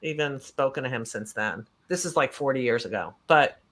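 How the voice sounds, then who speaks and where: A brash older woman from New Jersey, guesting as a comedian in casual chat. Her voice is bright and forceful, and she swears freely and laughs easily. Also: a bass voice, lively intonation, normal speed.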